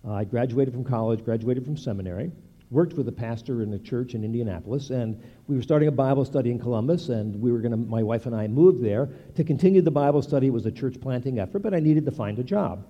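Animated older man preaching, lively pitch. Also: quick pace, highs cut off. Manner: animated preaching with playful asides. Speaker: pastor. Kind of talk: sermon.

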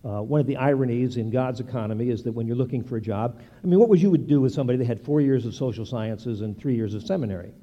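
An older man, a pastor, preaching a sermon with animated delivery and playful asides to the congregation. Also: mid-range voice, fast, hardly any pauses, lo-fi sound.

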